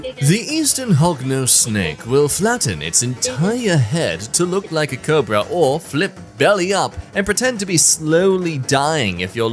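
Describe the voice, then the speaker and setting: A man streaming, reading memes aloud and joking about them in a casual, animated way, jumping in and out of mock voices. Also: medium pitch. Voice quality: animated, jokey, jumps between mock voices.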